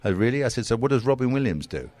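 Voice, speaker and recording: A man in his sixties from England, a golf commentator telling animated stories as a podcast guest. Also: mid-range voice, racing. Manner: animated storyteller, slips into mimicry. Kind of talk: casual interview chat.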